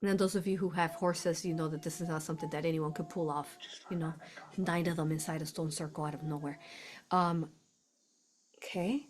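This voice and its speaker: A woman hosts a casual spiritual livestream, talking excitedly and emotionally, often addressing viewers directly and laughing. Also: low-pitched, fairly quick, slight background noise. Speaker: spiritual channel host.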